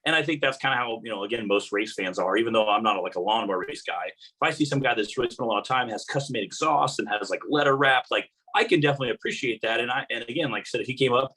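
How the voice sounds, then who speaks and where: Fast, bright-voiced man telling stories. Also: mid-range voice, husky, rough recording. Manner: rambling, anecdotal, many fillers. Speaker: guest, motorsport announcer. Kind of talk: casual interview talk.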